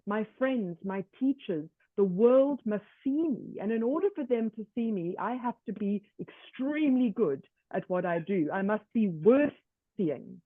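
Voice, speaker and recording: A woman presenting a workshop lecture in a measured way, often slipping into first-person examples. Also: medium pitch, expressive, no room sound. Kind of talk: online lecture. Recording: tinny dry call audio.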